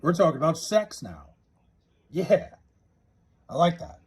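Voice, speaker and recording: Guy streaming from home, slightly high voice, husky, swears a lot, bounces all over in pitch. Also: sing-song. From New York area. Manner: loose and profane, drawls joke names slowly. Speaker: livestreamer. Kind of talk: casual live stream chat, reading viewer comments. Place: his house.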